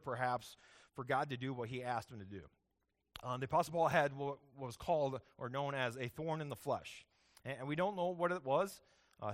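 A man preaching a sermon as the pastor, talking in a conversational way and often checking in with "right?". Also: medium pitch.

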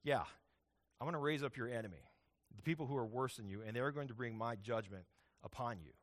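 A preacher putting on God as a calm, solemn male deity, dropping his voice low and speaking slowly and firmly. The words land with quiet weight. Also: no room sound, clean studio sound, natural voice. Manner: low, slow and firm.

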